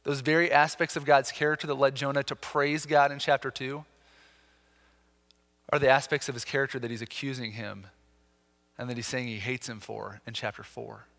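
A man preaching a sermon as pastor, talking earnestly with lively emphasis and frequent restarts. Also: mid-range voice, moderate pace, creaky, long reverb tail.

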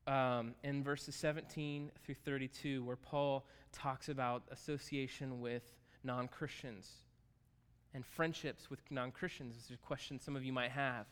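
A pastor giving a conversational, joking sermon, animated and lively at times. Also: male voice, medium pitch, a little slow, smooth. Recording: hall reverb.

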